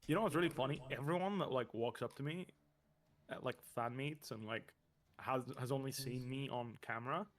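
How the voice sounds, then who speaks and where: A man's voice: mid-range voice, brisk. A young man and former pro gamer chatting casually on stream, rambling and repeating words, swearing often.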